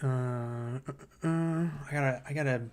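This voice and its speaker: A man hosting a livestream who reads viewer comments aloud and thinks out loud, hesitant and full of fillers, easily excited by ideas. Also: medium pitch, a little slow, clear, resonant tone. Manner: enthusiastic about ideas. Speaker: livestream host.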